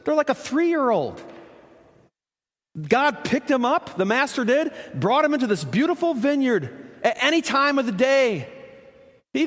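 A man preaching a sermon in a conversational way, asking rhetorical questions and dropping quiet for emphasis. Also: very high-pitched, big pitch swings, unhurried. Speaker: pastor. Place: church. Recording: reverberant church hall.

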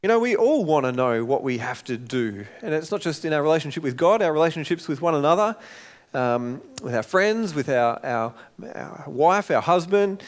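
A man's voice: on the high side, animated, normal speed. A middle-aged man, preaching a sermon in a conversational way and acting out the quotes. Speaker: pastor.

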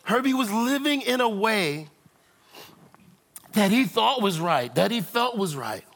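Animated, husky-voiced male preacher. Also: sits high, measured pace. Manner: animated storyteller, addresses congregation directly. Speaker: pastor. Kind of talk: sermon with storytelling.

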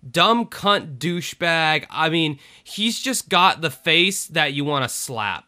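Brash, bright-voiced Southern man. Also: a little high, takes it slowly. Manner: profane, animated, mocks a drawl now and then. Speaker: podcast co-host. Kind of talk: casual chat.

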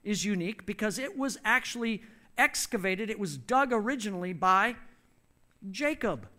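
Bright-voiced male preacher, emphatic. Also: high voice, expressive. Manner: storytelling, emphatic, pauses for interpretation. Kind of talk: sermon with a live interpreter.

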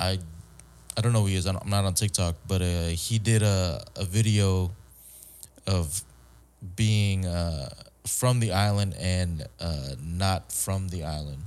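Low-voiced man rambling through podcast chat. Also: measured pace, darkish tone, clear, resonant tone. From Guam. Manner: rambling, hesitant, swears casually. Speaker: podcast host.

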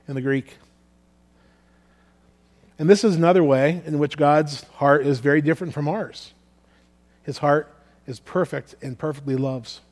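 A man delivers a sermon in a fairly high voice. He speaks earnestly, often doubling back on words as he thinks aloud. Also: a little mellow. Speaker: preacher. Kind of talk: sermon with scripture reading.

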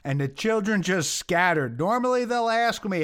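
High-voiced man with wry sports chat. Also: expressive, normal speed, few pauses, fairly bright tone. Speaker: podcast co-host. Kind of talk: casual sports podcast chat.

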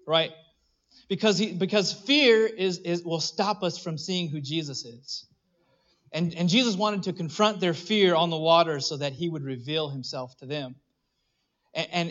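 A man preaching a sermon, animated and conversational, acting out little voices and restarting his phrases. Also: on the high side, dull audio. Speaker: pastor.

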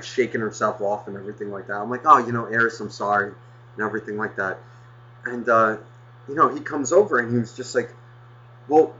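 A man rants through a long story with a bright, forceful voice, swearing every few words. He rambles and restarts as he talks to his co-host. The audio is muffled and lo-fi. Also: medium pitch. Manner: animated, swears constantly, rambling. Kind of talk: casual profane storytelling.

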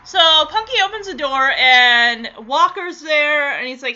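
A woman's voice: sits high, lively intonation, unhurried, bright, forceful tone. A young woman animatedly recapping a TV episode in a gossipy, teasing way, often laughing. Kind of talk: casual chatty episode recap. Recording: dull lo-fi audio.

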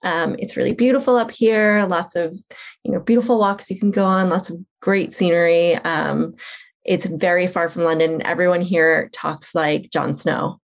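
A woman's voice: lowish voice, fairly even intonation, normal speed. A woman with a Long Island accent, a podcast guest chatting casually with self-deprecating humor. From Long Island, New York. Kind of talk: casual interview chat.

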